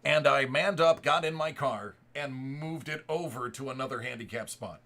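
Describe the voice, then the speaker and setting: Bright-voiced man rambling a story. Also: mid-range voice, normal speed. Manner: rambling, restarts and repeated words. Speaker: live stream host. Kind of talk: casual storytelling to live chat.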